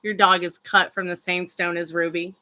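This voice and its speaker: A woman's voice: fairly low pitch, level tone, normal speed, bright, forceful tone. A woman chatting casually on a live stream from her home, rambling between stories and cooing baby talk at her dogs. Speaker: tarot reader and live streamer.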